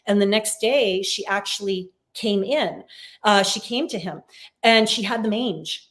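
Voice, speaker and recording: A woman's voice: mid-range voice, normal speed. A woman, a psychic medium, talking casually in an interview over a video call and telling stories with plenty of fillers. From Canada. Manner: chatty, warm storytelling with many fillers.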